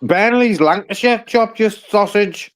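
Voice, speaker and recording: High-voiced mocking man. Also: measured pace, fairly bright tone. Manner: mocking, laughing banter. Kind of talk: casual banter on a group call.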